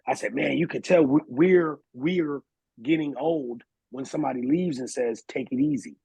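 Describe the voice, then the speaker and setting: Young male podcast co-host, gravelly and husky, slangy animated storyteller, dry close sound. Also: mid-range voice, normal speed, no room sound, poor audio. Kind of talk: casual storytelling chat.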